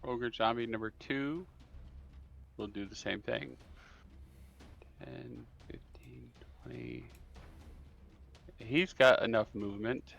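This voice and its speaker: A man's voice: mid-range voice, a little slow, gravelly, a bit bright, lo-fi sound, slight background noise. A man running a tabletop game as dungeon master, calling out turns and damage.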